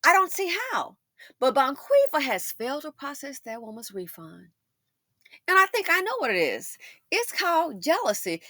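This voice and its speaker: A woman's voice: sits high, big pitch swings, moderate pace, pushed and bright, no room sound, clean studio sound. A woman doing casual storytime commentary, emphatic and full of rhetorical questions, often repeating herself.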